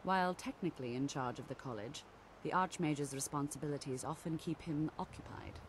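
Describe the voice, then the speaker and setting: A woman voicing a brisk, formal administrator of a mage college in a video game, polite, orderly and instructive. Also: low voice, slight background noise, lightly acted.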